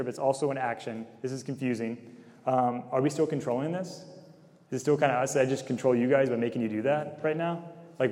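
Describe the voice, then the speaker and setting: A man's voice: medium pitch, warm tone. A man giving a casual, conversational sermon to college students, full of fillers and questions to the crowd. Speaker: campus minister. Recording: long hall reverb.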